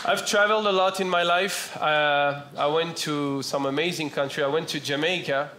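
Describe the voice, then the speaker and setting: A young man with a French accent doing a stand-up set, playful with deadpan punchlines. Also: fairly high pitch, moderate pace, background noise. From France. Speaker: stand-up comedian. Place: comedy club stage. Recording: roomy club with loud audience laughter. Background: audience laughter.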